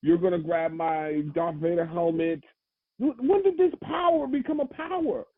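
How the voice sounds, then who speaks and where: A man in a casual podcast movie discussion, talking in an animated way with quick rhetorical questions. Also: sits high, no echo. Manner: animated, acts out scenes, rapid rhetorical questions. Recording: tinny phone-like line.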